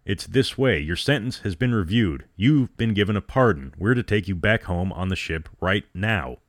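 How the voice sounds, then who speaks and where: A man voicing a blunt, loud spaceship captain who speaks coarsely. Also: lowish voice, animated, moderate pace, no echo, clean studio sound, lightly acted. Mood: roaring. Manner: roaring, coarse.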